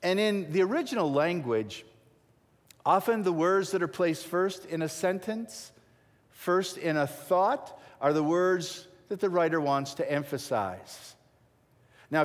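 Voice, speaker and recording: A male pastor preaches slowly and deliberately, his fairly high voice rising and falling widely. He stresses key words, then lets phrase endings sink to a near hush. The sound carries the long reverb of a large hall. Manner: emphatic, with dramatic drops to near silence at phrase ends. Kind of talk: sermon.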